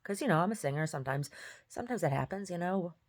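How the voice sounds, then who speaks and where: A woman who sings tells a story in a casual, exasperated rant, often mimicking other people. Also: quick pace. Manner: animated, exasperated, mimics others in high voices. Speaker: singer.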